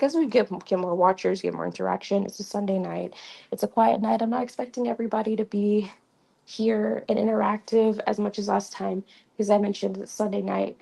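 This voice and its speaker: A woman's voice: mid-range voice, creaky, dark tone, husky, rough recording. A woman hosting a casual livestream lesson, chatty and repetitive with many ums and restarts, on a slightly fuzzy mic. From Creole. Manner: chatty, repeats phrases, frequent ums and restarts. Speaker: livestream host teaching basic French. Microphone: new mic with a fuzzy sound.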